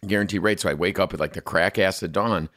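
A man's voice: low-pitched, fast, fairly bright tone, dry recording, studio quality. A man in his thirties co-hosting a podcast, full of teasing jokes and banter. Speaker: podcast co-host. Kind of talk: casual chat.

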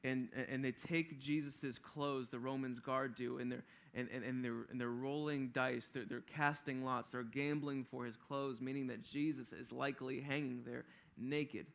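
A man's voice: mid-range voice, steady tone, normal speed, gravelly, few pauses. A man preaching a sermon, reading scripture aloud and explaining it in an earnest, emphatic way, often restarting his phrases. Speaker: pastor.

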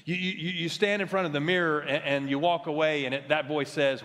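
A man's voice: fairly high pitch, steady tone, brisk, fairly bright tone. Pastor, male. Delivers a sermon live from the pulpit, tenor-leaning voice with long church echo. Emphatic, stumbles over restarts. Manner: emphatic, checks in with the audience with "right?"; frequent stammered restarts. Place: large church worship center. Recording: long hall reverb from a church sanctuary.

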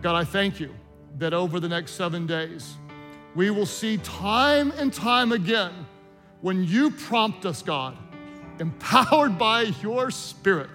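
A high-pitched male pastor speaks with a bright, forceful tone, pressing his congregation to commit. His words ring out in a large, echoing church hall while soft music plays underneath. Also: expressive, slow pace. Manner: impassioned, urging, builds from soft prayer to loud exhortation. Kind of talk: sermon with altar call and prayer.

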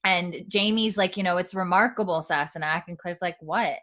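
Woman, casual podcast host, slightly low voice, retells scenes with quoted lines, lots of fillers, laughs often. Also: moderate pace, pushed and bright. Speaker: podcast host recapping a TV episode. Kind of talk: casual chat.

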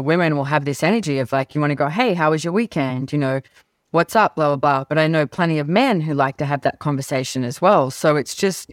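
A middle-aged woman guest on an interview show, telling stories and acting out past conversations with big jumps in pitch. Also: no room sound, studio quality. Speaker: guest, business author. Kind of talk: animated storytelling interview talk.

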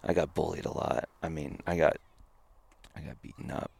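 A man guesting on a podcast, telling a personal story in an animated way, with frequent stammers and restarts. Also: rumbling low, moderate pace, creaky, slightly rough. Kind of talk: casual storytelling.

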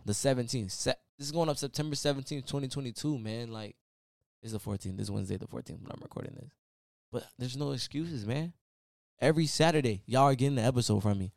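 Low-voiced podcast host, casual motivational rant. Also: male voice, a little mellow, no echo, clean studio sound. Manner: casual, preachy, repeats "man" often.

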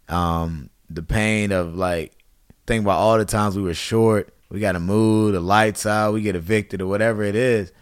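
Low smooth-voiced man telling a story. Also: no echo, clean studio sound. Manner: animated storytelling, acts out quotes in a raised voice. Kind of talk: casual chat.

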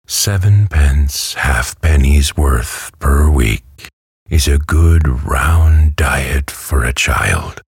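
Man, soothing bedtime narrator; extremely deep, gravelly, breathy voice; dry close mic. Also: dry recording. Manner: calm, soothing, slow. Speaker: audiobook narrator.

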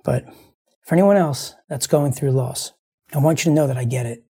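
Grieving man with a gravelly, husky voice. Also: medium pitch, normal speed, mellow. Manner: earnest, rambling, repeats phrases. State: grieving, close to tears. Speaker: show host. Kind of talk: heartfelt monologue to listeners.

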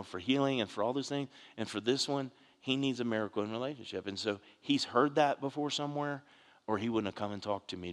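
A man's voice: medium pitch, fairly bright tone. A male pastor preaching in a church sanctuary, in a mid-range voice that trails off into a long reverb. His sermon is conversational and earnest, full of restarts and asides to the congregation. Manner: earnest storytelling, frequent restarts and "you know".

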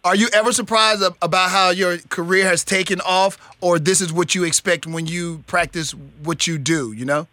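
A man's voice: sits high, steady tone, normal speed, few pauses, sharp tone, dry recording. A man hosting a radio morning show, asking enthusiastic, rambling questions in casual chat.

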